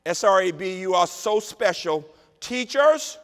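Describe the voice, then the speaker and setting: Man, keynote speaker, inspirational speech, emphatic repeating cadence, hushed tender asides, long hall reverb, podium mic. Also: high-pitched, expressive, a little slow, clean tone. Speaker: keynote speaker, university president. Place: large conference hall.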